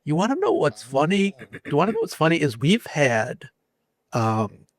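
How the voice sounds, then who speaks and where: A man hosting a podcast interview, chatting casually with playful laughs and halting restarts. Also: a little high, very animated, no room sound. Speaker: podcast host.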